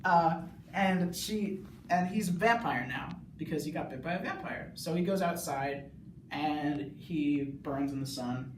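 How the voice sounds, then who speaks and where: Young man, rambling recap, slightly high voice, echoey bathroom, mic far off, faint hiss. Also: a little slow. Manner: rambling, many "like"s, bursts of yelling. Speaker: student video reviewer. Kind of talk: casual plot recap.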